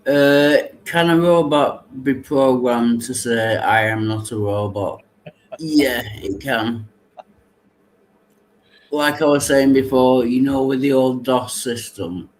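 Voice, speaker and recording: A man's voice: mid-range voice, slow pace, rough recording. A man in a casual Bible discussion who asks questions and agrees readily, often hesitating mid-sentence. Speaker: discussion partner asking questions.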